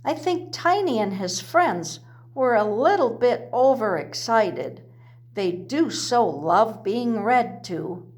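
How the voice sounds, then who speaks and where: A woman's voice: fairly high pitch, animated, slow, a little mellow. A woman voicing a polite, motherly hen who speaks fondly of her chicks.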